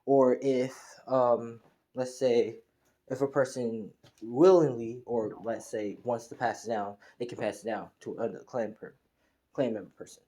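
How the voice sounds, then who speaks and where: Rambling man with a dark voice. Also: mid-range voice, fairly even intonation, unhurried. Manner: rambling, full of restarts and fillers. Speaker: fan fiction storyteller. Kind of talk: improvised storytelling.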